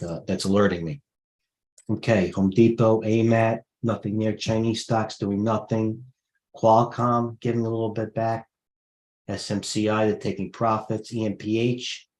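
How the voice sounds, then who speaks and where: A middle-aged man hosting a live trading stream, giving rapid-fire, blunt market commentary and talking straight to his viewers. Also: on the low side, a little mellow. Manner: blunt, jumpy, talks to viewers directly. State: out of breath. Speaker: stock trading livestream host.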